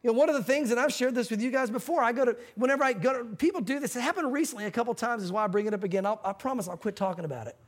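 A man's voice: very high voice, very fast, few pauses. A male pastor preaching a sermon, telling a story with acted-out quotes and teaching from a Bible verse.

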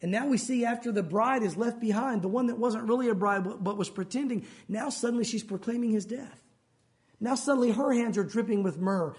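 Male preacher with a very high voice, emphatic sermon delivery, acts out quoted voices. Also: expressive, fairly quick. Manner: acts out quoted voices, rising pitch for pleading lines.

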